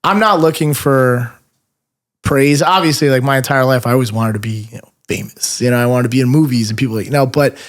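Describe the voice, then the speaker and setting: A New man chatting as a podcast guest, modest and self-deprecating. He tells stories with animated voices for the people in them, his pitch jumping up and down. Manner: animated storyteller who acts out fan reactions; self-deprecating, many fillers and restarts. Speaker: toy figure painter, podcast guest. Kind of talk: casual podcast conversation.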